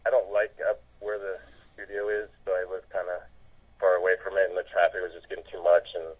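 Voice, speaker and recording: A man in his forties calling in to a podcast, chatting in a relaxed, easygoing way. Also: low-pitched, fast talker. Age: 40s. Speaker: phone-in guest. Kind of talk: casual chat. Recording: dull lo-fi phone line.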